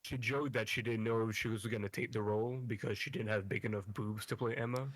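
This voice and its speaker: A man's voice: lowish voice, fairly even intonation, fairly quick, no echo. A man co-hosting a casual podcast, offering trivia and correcting himself, with mild swearing. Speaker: podcast co-host. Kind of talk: casual chat.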